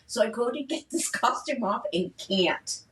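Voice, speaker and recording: A woman's voice: fairly high pitch, expressive, normal speed, a bit bright. A woman co-hosting a podcast, telling a funny story in casual chat and laughing often as she goes. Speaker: podcast co-host. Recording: roomy sound, distant from the mic.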